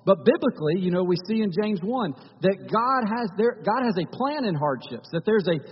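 A man's voice: sits high, expressive, brisk, slightly rough, in a large hall, muffled recording. A male pastor giving a conversational sermon in a church, often restarting his phrases.

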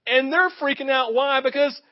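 Man, pastor, high voice, animated sermon, plays out quoted voices, muffled lo-fi sound. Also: moderate pace. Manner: animated, acts out quoted voices, asks the audience questions.

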